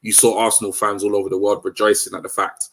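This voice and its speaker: A man's voice: lowish voice, flat delivery, quick pace, fairly bright tone. A man co-hosting a casual football chat, thoughtful and a bit hesitant as he gives his views. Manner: thoughtful, hesitant, many fillers and restarts. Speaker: co-host.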